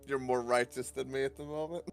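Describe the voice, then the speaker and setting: A brooding warrior, played by a man, speaks tersely and grudgingly to an ally. His voice sits at a middle pitch, with a faint trace of music behind it. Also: fairly even intonation, fairly quick, vocal fry, clean tone, lightly acted.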